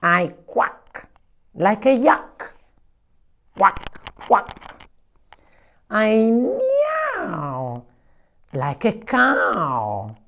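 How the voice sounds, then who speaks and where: A woman's voice: mid-range voice, huge pitch swings, very slow, vocal fry, a bit bright, pitched above the performer's own voice, full character voice. A woman voicing a small, stubborn male mouse in a children's picture book, insisting in a playful way that he is not an elephant. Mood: insistent.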